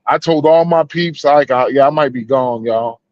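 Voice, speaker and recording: A man's voice: medium pitch, moderate pace, no echo, dull audio. A man with a Southern US accent trading crude, laid-back stories as a podcast co-host. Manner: laid-back storytelling with slang and profanity. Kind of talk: casual crude banter.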